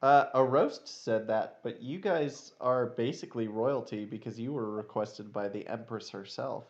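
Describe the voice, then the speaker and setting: A man narrating as dungeon master in a tabletop game, unhurried, with fillers, on a dull lo-fi recording. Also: mid-range voice.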